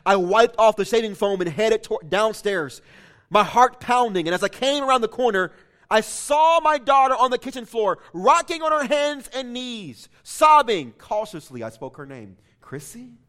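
A male pastor reads a story aloud during his sermon with impassioned emphasis. His voice sits high and swings widely, rising and falling with feeling. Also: animated, normal speed, fairly bright tone.

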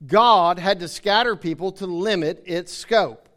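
A man's voice: high voice, unhurried, fairly bright tone. A man preaching a sermon emphatically, repeating phrases to drive his points home and calling out to the congregation.

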